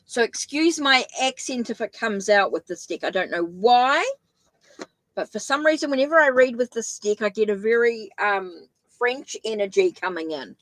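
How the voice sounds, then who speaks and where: A woman's voice: fairly high pitch, moderate pace, fairly bright tone, dry recording, low-quality recording. A middle-aged woman with a New Zealand accent, chatting her way through a live-streamed tarot reading, thinking aloud with frequent restarts. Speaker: tarot reader.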